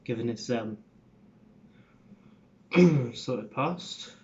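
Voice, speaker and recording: A man's voice: mid-range voice, expressive, extremely slow, darkish tone, dull audio. A man rambling casually through an accent tutorial, swearing and interrupting himself. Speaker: vlogger and acting student.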